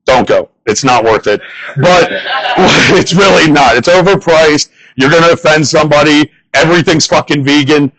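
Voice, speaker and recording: A young man with a somewhat high voice works a live crowd with a stand-up set. He rambles through crude, profane stories in a loose, conversational way. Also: normal speed, low-quality recording. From northern United States. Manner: crude, rambling storytelling with swearing. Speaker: stand-up comedian. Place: bar stage before a live audience.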